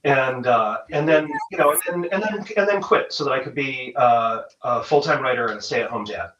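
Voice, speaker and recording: A man's voice: mid-range voice, normal speed, fairly bright tone, roomy sound, recorded from a distance, lo-fi sound, a little hiss or hum. A man, a guest author, chatting casually and self-deprecatingly, with frequent restarts. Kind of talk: casual interview chat.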